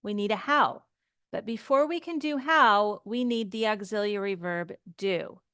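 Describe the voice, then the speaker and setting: Slow, patient woman teaching English. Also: medium pitch, fairly bright tone, smooth, no room sound, clean studio sound. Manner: patient, explains step by step with example sentences. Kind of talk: slow grammar lesson.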